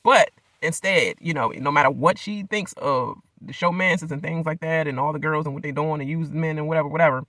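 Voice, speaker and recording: Bright, slangy man recapping reality TV. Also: on the high side, a little fast, few pauses, dry recording. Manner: loose, slangy, rambling, laughs often. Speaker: reality show recap vlogger.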